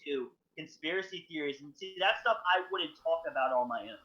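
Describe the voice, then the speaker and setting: A man's voice: fairly high pitch, lively intonation, a little fast, bright, forceful tone. A man co-hosting a podcast, talking in a rambling, enthusiastic casual chat full of fillers. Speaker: podcast co-host. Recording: dull lo-fi stream audio.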